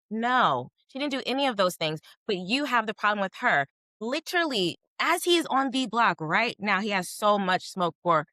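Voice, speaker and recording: A woman's voice: medium pitch, big pitch swings, moderate pace, bright, forceful tone, dry recording, studio quality. A woman co-hosting a casual podcast recap, talking emphatically and firing off pointed questions. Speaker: podcast co-host.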